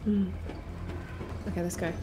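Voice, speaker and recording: A woman's voice: on the low side, flat delivery, a little slow, music in the background. A young woman streaming her first playthrough of a game, chatting casually, swearing and spiraling into panicked repeated words. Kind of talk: casual gameplay commentary.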